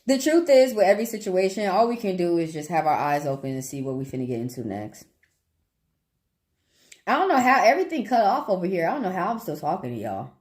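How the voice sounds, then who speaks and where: A woman's voice: fairly low pitch, sing-song, fast talker, a little mellow. A woman with a Southern accent, chatting casually with viewers on a livestream as a tarot reader, talking freely, swearing and laughing often.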